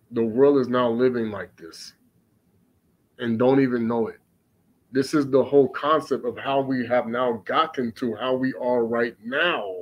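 Man preaching on scripture, mid-pitched voice, reads archaic verses slowly and comments emphatically with constant rhetorical questions. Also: lo-fi sound. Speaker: religious teacher.

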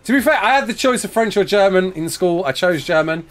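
British male streamer, fairly high and bouncy voice, loose and jokey, answering chat between laughs. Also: lively intonation, a little fast, a bit bright. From United Kingdom. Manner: chatty, laughs often, calls people mate and man. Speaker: live-streamer. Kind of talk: casual live-stream chat answering viewers.

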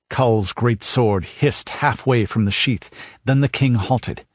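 A man narrating a sword-and-sorcery audiobook in a measured, dramatic storytelling manner. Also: fairly low pitch, no echo, lo-fi sound.

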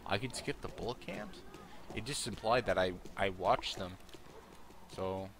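A man's voice: lowish voice, expressive, measured pace, vocal fry, a bit bright, a little hiss or hum. A young man giving annoyed, sarcastic gameplay commentary and swearing a lot. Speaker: let's play commentator.

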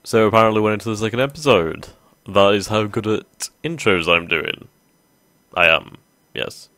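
A man's voice: on the low side, moderate pace, bright, forceful tone, dry recording. A man hosting a strategy game let's play, thinking aloud casually with many ums. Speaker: gaming video host.

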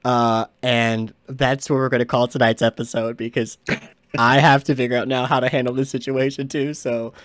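A man narrating as game master of a tabletop game, halting with frequent "uh"s and chuckles. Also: medium pitch, little pitch movement, no echo.

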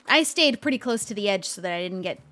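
A woman's voice: medium pitch, expressive, fast, fairly bright tone, faint music behind. A woman chatting in character as a humble young witch, bubbly and self-deprecating. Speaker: roleplay series host in character as a witch. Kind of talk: in-character roleplay narration.

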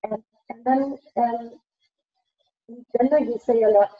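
A woman's voice: a little high, fairly even intonation, unhurried, breathy edge. A woman with a Danish accent coaching pronunciation over a video call, laughing often and explaining patiently. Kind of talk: casual video call chat. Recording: dull lo-fi video call audio.

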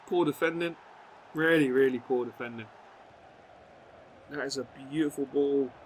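A young man giving live gameplay commentary, excitable, swearing and yelling at the match. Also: mid-range voice, normal speed, a little hiss or hum. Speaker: gaming video creator.

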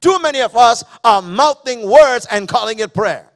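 High-voiced pastor preaching emphatically. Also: male voice, lively intonation, normal speed, few pauses. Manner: emphatic, repeats key phrases, questions the congregation. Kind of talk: sermon. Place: church service.

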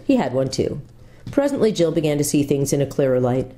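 Woman pastor reading a kids book out loud, low warm voice, lots of up and down. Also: brisk. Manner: expressive storytelling with lively character voices. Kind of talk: reading a children's book aloud.

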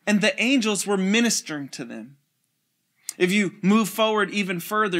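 A man preaching an online sermon and reading scripture, energetic and casual, with slangy asides and chuckles. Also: high-pitched. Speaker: pastor.

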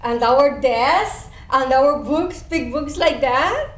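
A woman's voice: high-pitched, expressive, slow pace. A woman acting out an eager, chatty first-grade girl in a one-woman stage show, speaking childlike English with a San Antonio Spanish-influenced accent and slipping into Spanish. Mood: chatty, proud. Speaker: stage performer. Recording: roomy stage sound from far off with faint hiss.

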